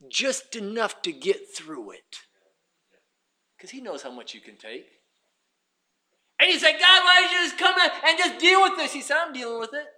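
Male pastor mid-sermon, high pitch, very bright sharp tone, loud-to-hushed dynamics. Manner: preaching with swings from loud to hushed.

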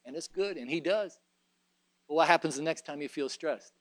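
A man's voice: on the high side, normal speed, no echo. A man preaching a sermon in a folksy way, mixing joking asides with fervent, emphatic exhortation.

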